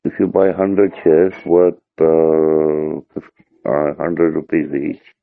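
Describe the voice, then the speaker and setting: A man's voice: extremely low pitch, flat delivery, slow, vocal fry, no echo. A man, a tutor patiently explaining a term to a student and checking that he follows. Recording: dry, tinny phone-like line.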